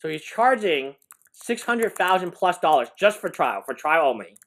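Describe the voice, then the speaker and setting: A man's voice: a little high, big pitch swings, normal speed, a bit bright. Incredulous man reacting live. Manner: incredulous, laughing, rambling with restarts. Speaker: lawyer streamer reacting live.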